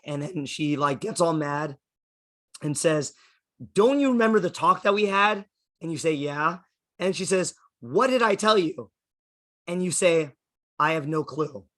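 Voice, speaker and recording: A man's voice: fairly high pitch, sharp tone. A man, a rabbi, explaining a text to his class, often checking in with "okay?" and thinking aloud. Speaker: rabbi teaching a Torah class.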